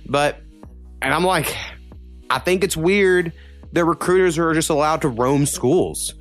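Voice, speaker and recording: A man's voice: a little high, unhurried, soft background music. A young man from Oklahoma in casual podcast chat, rambling with lots of fillers and swearing. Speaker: podcast co-host.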